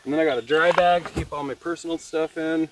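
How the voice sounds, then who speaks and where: A man from Nevada vlogging from his kayak on a lake, talking in a relaxed, rambling way and marveling at the scenery. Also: a little high, fast, background noise. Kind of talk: casual outdoor vlog narration.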